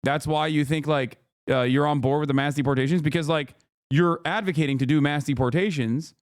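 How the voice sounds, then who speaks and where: A man's voice: a little high, fairly even intonation, a little fast, no room sound, studio quality. A man in his thirties hosting a livestream, giving casual commentary and reading posts aloud in an exasperated, profane way. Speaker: streamer host.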